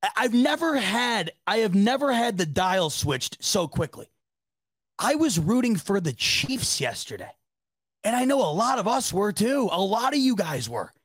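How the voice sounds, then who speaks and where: A young sports podcast host from the Rochester, New York area runs a casual chat, reading the live chat as he goes, rambling, stumbling over his words and swearing without a second thought. His slightly high voice is husky, a little slow and swings widely in pitch. The room is completely dry, with no echo.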